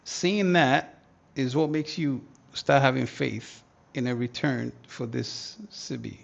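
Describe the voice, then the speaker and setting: Here a livestream host teaches market analysis in real time, thinking out loud in slangy talk while humming and muttering to himself. He speaks slowly in a creaky, mid-range voice with a steady tone. The sound quality is lo-fi.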